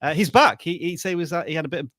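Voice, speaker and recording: A man's voice: on the high side, rapid-fire, fairly bright tone, dry recording, studio quality. Easygoing, wry male co-host. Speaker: channel review co-host. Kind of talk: casual live-stream banter.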